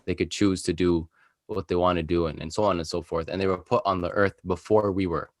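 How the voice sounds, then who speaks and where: A young man co-hosting a podcast, explaining a topic in a relaxed, conversational way with plenty of fillers. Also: low voice, a little fast, no room sound, studio quality. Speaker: podcast co-host. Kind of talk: casual podcast chat.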